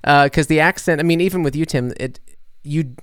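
A man's voice: a little high, brisk, a bit bright, clean tone, no echo. A man interviewing guests over a video call, asking long rambling questions full of fillers and restarts.

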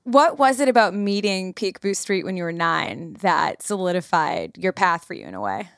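A woman's voice: on the low side, sing-song, normal speed, creaky, no echo, clean studio sound. A woman hosting an interview, asking curious, engaged questions of her guest. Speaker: interviewer, host.

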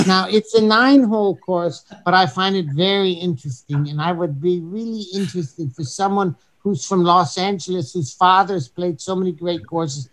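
A man putting on a polite, formal middle-aged German man with a German accent, talking slowly and courteously. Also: high voice, fairly bright tone, pitched above the performer's own voice. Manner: slow, courteous, stiffly formal phrasing.

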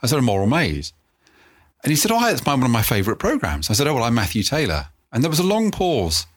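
A middle-aged man, an interview guest, telling stories about himself in a calm, self-effacing way, often stopping to restart. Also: mid-range voice, fast talker, slightly rough. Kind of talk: reflective conversational storytelling.

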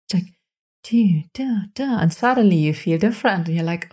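Mellow-voiced woman hosting a self-help podcast. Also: mid-range voice, moderate pace. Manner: encouraging, repetitive, speaks directly to listener. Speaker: podcast host. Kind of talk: motivational self-help talk. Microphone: studio microphone.

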